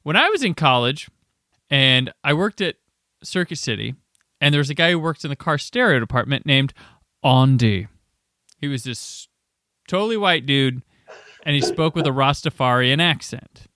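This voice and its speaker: A man's voice: mid-range voice, normal speed, pauses often, dry recording, studio quality. A man hosting a podcast and chatting casually, telling stories and acting out the voices of people he quotes. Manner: animated storyteller, acts out quoted voices. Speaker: podcast host. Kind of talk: casual chat.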